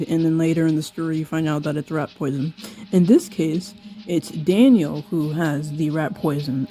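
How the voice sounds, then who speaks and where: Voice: mid-range voice, dark tone. A young author reading an old story of their own aloud, breaking off for giggly, self-mocking asides. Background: slowed-down song.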